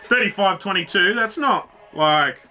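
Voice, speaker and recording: Guy, reaction host: high, sharp, excitable, swears a lot. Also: a little slow. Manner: excitable, swears freely, talks to the screen. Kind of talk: casual reaction commentary.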